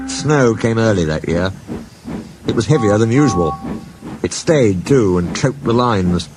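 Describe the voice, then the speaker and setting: A man narrating a storybook tale in a steady, expressive reading. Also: fairly low pitch, a little slow. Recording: music underneath.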